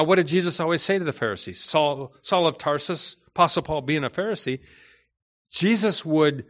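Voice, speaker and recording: A man's voice: fairly high pitch, a bit bright, dull audio. A man teaching a Bible study as a pastor, talking in a conversational way with frequent restarts and repeated words.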